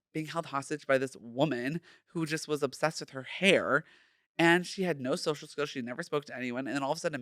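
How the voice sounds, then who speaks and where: A man's voice: medium pitch, fairly bright tone, no room sound, clean studio sound. A man in his thirties hosting a casual solo podcast, sassy and playful, full of slang. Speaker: podcast host.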